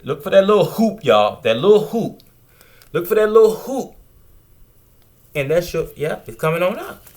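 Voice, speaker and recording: Excited man showing his seedlings. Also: sits high, normal speed. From Virginia, USA. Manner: enthusiastic, chatty, keeps addressing viewers. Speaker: gardening channel host. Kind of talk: casual gardening vlog. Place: indoors at a table of seedlings under grow lights.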